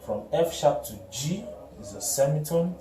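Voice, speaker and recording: A man teaching a music lesson, slowly naming notes and intervals and often correcting himself. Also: on the high side, lively intonation, recorded from a distance. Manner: slow, repeats note names and corrects himself. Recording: echoey room, voice from off-mic, noisy.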